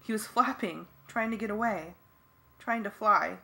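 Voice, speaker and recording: A woman's voice: medium pitch, unhurried, vocal fry, sharp tone. A woman giving earnest first-person narration for a fan audiobook.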